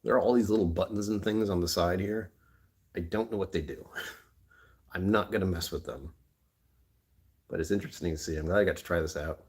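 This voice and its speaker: A man's voice: low-pitched, fairly quick, long pauses. A man hosting a casual livestream from his phone indoors, rambling, joking and laughing often. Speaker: livestream host. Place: indoors on a rainy afternoon.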